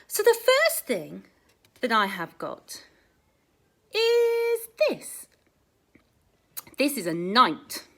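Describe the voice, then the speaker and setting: A woman teaching a phonics lesson to young children, sounding out letters slowly in a sing-song, exaggerated way. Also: fairly high pitch, sharp tone.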